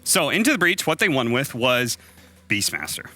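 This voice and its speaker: A man breaks down a match on a live esports desk in a very bright, sharp voice. His pitch jumps around as he talks in a chatty, animated way. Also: normal speed, soft background music. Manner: chatty, animated, laughs easily. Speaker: esports analyst.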